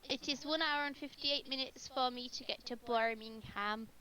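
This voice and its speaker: A young woman chats loosely before a tabletop session, her voice high and bright. She repeats herself in quick bursts and breaks into giggles, heard through a call mic. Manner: chatty, repetitive, giggly. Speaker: tabletop game player. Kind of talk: casual chat before a game.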